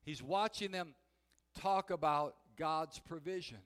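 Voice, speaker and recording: High-voiced preacher in a reverberant hall. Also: male voice, takes it slowly. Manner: animated storytelling, shouting quoted cries. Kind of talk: sermon.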